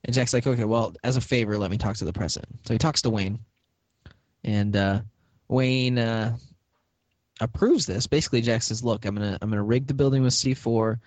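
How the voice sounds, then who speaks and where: A man's voice: mid-range voice, brisk, no room sound. A man with a mid-range voice talks through a TV plot in a casual podcast chat and slips into the characters' lines as he goes. The sound is close and dry, with no room around it. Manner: lively retelling, acting out characters' lines with laughs. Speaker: podcast host. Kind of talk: casual chat recapping a TV episode.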